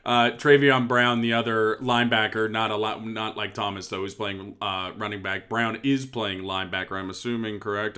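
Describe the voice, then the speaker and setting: A man's voice: lowish voice, steady tone, normal speed, hardly any pauses, sharp tone. A man hosting a casual sports podcast, joking and self-deprecating as he asks questions. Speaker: podcast host.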